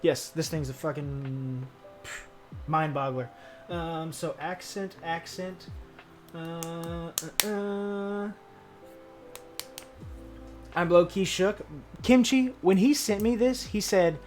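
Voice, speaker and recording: A man's voice: on the high side, fairly even intonation, slow, long pauses, soft background music. A young man chatting casually on a livestream while building a keyboard, answering viewers in laid-back, slangy banter full of swearing.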